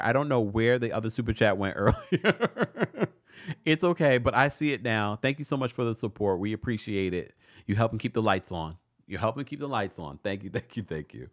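A man's voice: medium pitch, fairly bright tone. A man hosting a casual live-stream recap, reading viewer comments aloud and chatting with frequent laughs and asides. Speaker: recap show host reading live chat.

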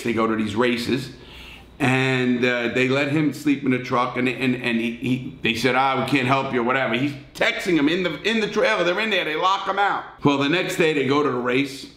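A middle-aged man with a New York accent, bluntly judging viewer stories in a profane, animated casual retelling. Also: medium pitch, reverberant. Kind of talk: casual storytelling commentary.

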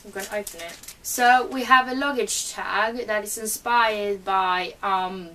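A woman's voice: mid-range voice, fairly even intonation, unhurried, sharp tone, recorded from a distance, slight background noise, low-quality recording. A woman with a cold, chatting eagerly as she unboxes items at home for her channel. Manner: chatty and eager, many fillers. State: has a cold. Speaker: book vlogger. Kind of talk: casual unboxing chat.

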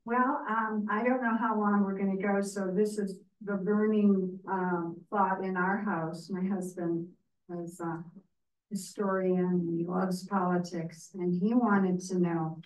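A woman's voice: medium pitch, steady tone, unhurried. A woman in a church class asking a question, hesitant and searching for her words. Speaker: class participant. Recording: echoey room, mic far off.

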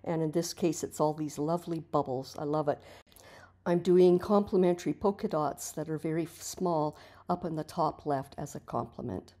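A woman with a low, mellow voice talks through a painting lesson in an easy, chatty way. She encourages the viewer warmly and restarts her sentences as she goes. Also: normal speed. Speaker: art teacher. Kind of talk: relaxed tutorial narration over painting.

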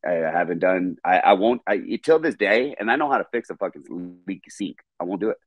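A man guest on a podcast telling a story in a casual, animated, profane way, repeating words when excited. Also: sits low, a little fast, dry recording.

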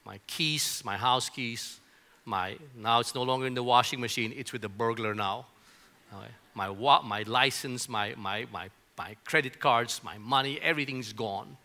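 Middle-aged male preacher with a bright, forceful tone; conversational sermon storyteller. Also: mid-range voice, moderate pace. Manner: conversational storytelling, often repeats words in restarts. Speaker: pastor. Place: church auditorium.

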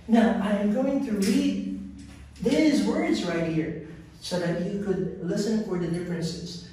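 Slow, deliberate male English teacher, echoey room. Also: sits high, lively intonation, a little mellow, distant mic. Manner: repeats each word three times, slow and deliberate. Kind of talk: slow pronunciation drill lesson.

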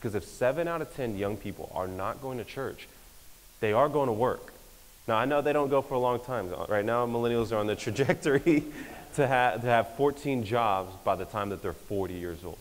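A young man, giving an energetic, joking conference talk that pokes fun at pastors. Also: on the low side, normal speed. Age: young adult. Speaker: speaker. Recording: hall reverb.

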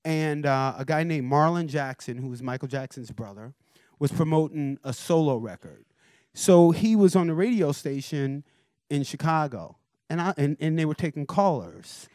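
Animated storytelling man. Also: on the high side, moderate pace, dry recording, studio quality. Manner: lively, acts out voices, chuckles often. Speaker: guest speaker, record producer. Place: university forum, indoors.

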